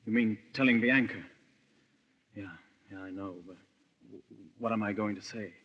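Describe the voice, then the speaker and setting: An actor playing Nick, a stammering, flustered husband, in a 1940s radio drama. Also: male voice, on the low side, fairly even intonation, normal speed, big-room sound, muffled recording, natural voice.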